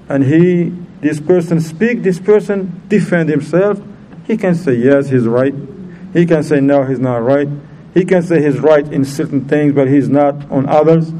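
Storytelling teacher in a mellow voice, faint hiss. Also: male voice, fairly high pitch, poor audio. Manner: storytelling with questions to the audience, acts out voices. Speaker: Islamic teacher. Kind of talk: informal religious lesson.

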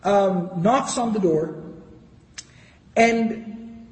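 A man's voice: high-pitched, extremely slow. A man giving a storytelling lecture, retelling history and quoting passages in Arabic before translating them. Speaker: Islamic lecturer. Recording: echoey hall.

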